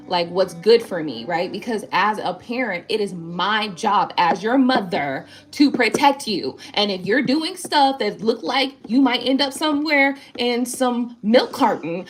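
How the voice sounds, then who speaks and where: A woman tarot reader on a live stream, reading viewer comments in rambling, casual talk full of swearing and tag questions. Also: mid-range voice.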